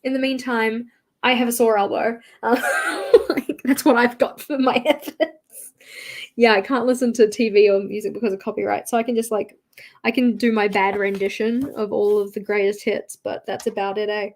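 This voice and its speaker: A woman's voice: a little high, steady tone, moderate pace, a little mellow. Giggly Australian woman chatting on a livestream. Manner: chatty and giggly, reads out viewer comments and talks to herself. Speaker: livestream host. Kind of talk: casual livestream chat while drawing.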